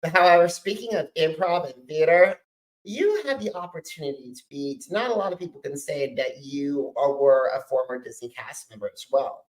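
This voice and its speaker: A man's voice: a little high, normal speed, low-quality recording. A man hosting a podcast interview, eager and admiring, with many fillers as he asks his questions. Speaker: podcast host. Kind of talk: casual interview.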